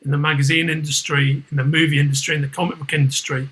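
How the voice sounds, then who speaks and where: Middle-aged man, Liverpool accent, bright tense voice, higher pitch, rambling casual chat, swears a lot. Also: little pitch movement, fast, low-quality recording. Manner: rambling, restarts often, swears freely. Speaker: podcast host.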